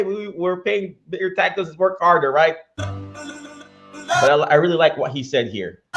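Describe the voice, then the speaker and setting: Animated male live-stream host. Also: a little high. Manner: animated, preachy. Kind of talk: live-stream interview commentary. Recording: dull lo-fi stream audio with faint music.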